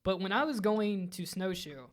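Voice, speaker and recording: A co-host tells a meandering story in casual podcast chat, in a medium-pitched voice. The speech wanders and often restarts mid-thought. The delivery stays relaxed and conversational. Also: moderate pace.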